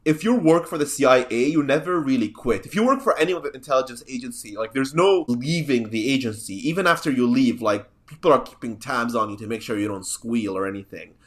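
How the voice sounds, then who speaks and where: A man's voice: medium pitch, expressive, a little fast, hardly any pauses. Sardonic, rambling male podcast host. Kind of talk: casual podcast chat.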